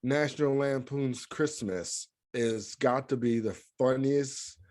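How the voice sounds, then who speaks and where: A man's voice: mid-range voice, slow. An American man co-hosting a podcast, chatting casually and acting out movie scenes with lots of laughter. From United States. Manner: animated, laughs a lot, acts out movie scenes. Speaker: podcast co-host. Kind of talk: casual chat.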